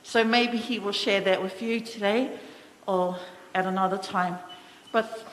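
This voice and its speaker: A middle-aged woman giving a fond, reminiscing funeral eulogy in a large church, a little halting at times. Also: medium pitch, steady tone, a little hiss or hum. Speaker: family member giving a eulogy. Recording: echoey church hall, faint ambience.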